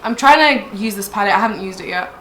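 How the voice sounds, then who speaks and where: A woman's voice: mid-range voice, animated, fast, fairly bright tone. A young woman hosting a casual get-ready chat, talking easily while doing makeup. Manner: chatty, laughs easily. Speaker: beauty vlogger host. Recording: roomy echo, faint background noise.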